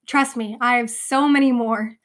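A young woman talks casually into a close podcast mic, pitched a little high. She rambles and pokes fun at herself, with plenty of fillers. Her voice is slightly hoarse and fading. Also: fairly even intonation, normal speed. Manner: chatty, rambling, self-deprecating, lots of "like" and "um". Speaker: podcast host.

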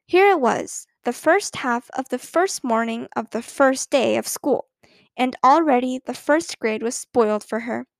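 A woman reads a children's storybook aloud with an expressive, lively delivery. Her voice is high and the sound is close and dry, with no room around it. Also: unhurried, creaky, no room sound. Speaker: narrator.

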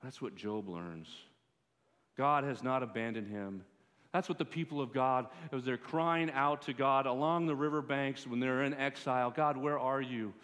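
A man preaching a sermon as pastor, in a measured way that rises for pleas. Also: medium pitch, a bit bright. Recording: long hall reverb.

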